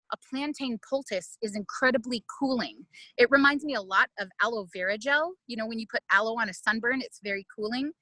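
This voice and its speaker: A woman's voice: on the high side, no echo, poor audio. A middle-aged woman, an ethnobotanist, leading a virtual plant walk in a casual, conversational way, telling stories with frequent fillers. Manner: conversational, many fillers, warm storytelling pace. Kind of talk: casual teaching and storytelling.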